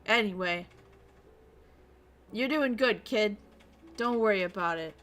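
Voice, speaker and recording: A young woman streams a visual novel, reading the narration aloud in a medium-pitched, slightly bright voice at an unhurried pace. She chats casually, swears freely, laughs a lot, and now and then launches into exaggerated rants.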